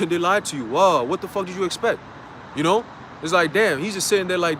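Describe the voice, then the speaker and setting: Preacher, male, high voice, blunt and profane street-style sermon, faint traffic hum behind. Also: fairly quick, a bit bright. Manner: blunt, profane, slangy and heated. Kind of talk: casual livestream preaching.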